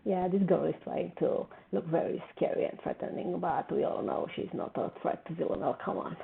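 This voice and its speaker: A woman's voice: fairly low pitch, brisk, gravelly. A woman hosting a casual TV reaction video, talking emotionally and repeating herself when upset. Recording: tinny phone-like sound with faint noise.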